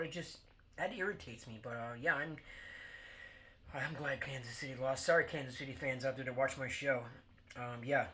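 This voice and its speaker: Guy ranting about football on his show, bright voice, rambly, swears a lot, lots of ums. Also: a little high. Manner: blunt, rambling, swears, many fillers. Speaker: sports podcast host. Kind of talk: casual sports rant.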